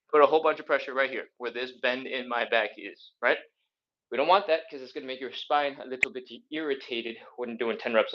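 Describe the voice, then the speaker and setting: Guy leading a live stretch workout, out of breath, counting reps, middle pitch, kinda muffled audio. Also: fairly bright tone. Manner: upbeat, counts reps aloud while exercising. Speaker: fitness instructor. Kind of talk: live mobility workout instruction.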